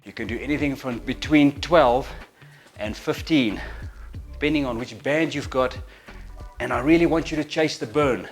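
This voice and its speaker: A man's voice: medium pitch, normal speed. A middle-aged man coaching an exercise routine, counting reps and breathing audibly, a little out of breath during the sets. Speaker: fitness instructor. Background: faint music.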